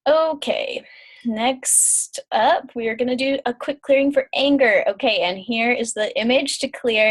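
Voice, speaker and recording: Chatty woman leading a healing session. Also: on the high side. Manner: chatty, with many fillers and yawns. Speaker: intuitive healer. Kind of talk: guided energy-clearing session.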